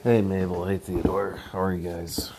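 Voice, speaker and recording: Hoarse gravelly woman, broken voice. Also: a bass voice, flat delivery, background noise. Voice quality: gravelly, raspy. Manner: halting, stammering confession. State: hoarse, voice nearly gone. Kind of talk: comedic tearful voice message.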